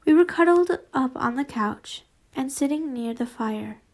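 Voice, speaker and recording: A woman reads fan fiction aloud in a high voice and keeps breaking off into casual asides. She swears freely and speaks at an unhurried pace. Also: lively intonation, a little mellow.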